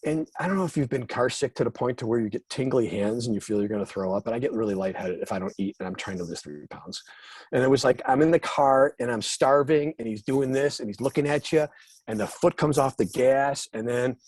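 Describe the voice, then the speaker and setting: Man, guest musician, husky voice, dry close sound, rambling anecdotes. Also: medium pitch, brisk, darkish tone, no echo. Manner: rambling, self-deprecating storytelling. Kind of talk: casual interview chat.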